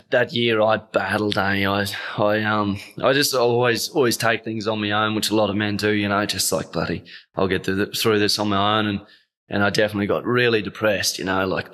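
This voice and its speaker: A young Australian guy from the Northern Territory, his voice fairly low and fairly bright, tells a heartfelt story as a guest in a casual interview. He's choked up, his voice catching as he rambles with lots of fillers.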